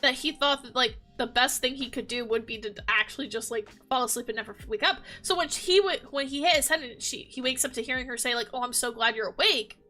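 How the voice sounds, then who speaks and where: Bubbly high-voiced woman gushing. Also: fast talker, hardly any pauses, pushed and bright, soft background music. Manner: gushing, rambling with many fillers. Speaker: gaming vlogger. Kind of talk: casual chat.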